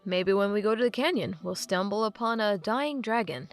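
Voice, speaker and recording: A woman's voice: medium pitch, moderate pace, soft background music, natural voice. A woman reading the lines of an awkward, earnest young male hero in an audiobook. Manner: hesitant, mumbling. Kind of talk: audiobook character voice.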